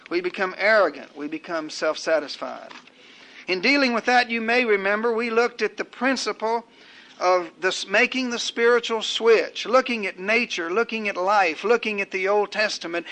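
With measured, rhetorical cadence, an older man drives home each point of his sermon by piling up repeated phrases. His voice is high and bright.

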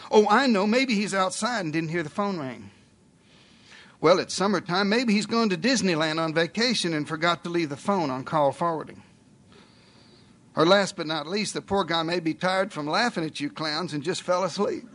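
A man's voice: fairly high pitch, fairly bright tone. A man voicing a sarcastic male prophet who teases his rivals with mock sympathy.

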